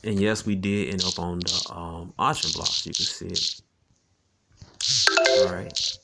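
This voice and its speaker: Low and gravelly, with a steady, sharp tone, a man gives a loose, conversational Bible teaching, tagging his lines with "man" and "all right" and chuckling often. When he gets to the verses, he slows down and reads them deliberately.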